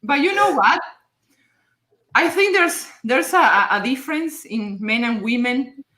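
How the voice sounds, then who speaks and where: A woman's voice: high voice, expressive, unhurried, pushed and bright. A woman co-hosting a casual live-stream chat, who reads out the chat and thinks aloud hesitantly. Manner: hesitant, restarts while she thinks aloud. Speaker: co-host reading chat. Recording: echoey room.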